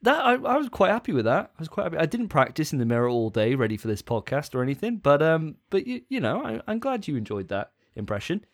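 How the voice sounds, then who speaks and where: A young man chats on a podcast in a relaxed, joking way. His pitch rises and falls freely. He pokes fun at himself as he tells his stories. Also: fast, few pauses. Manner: self-mocking, jokey storytelling. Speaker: podcast co-host. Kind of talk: casual chat.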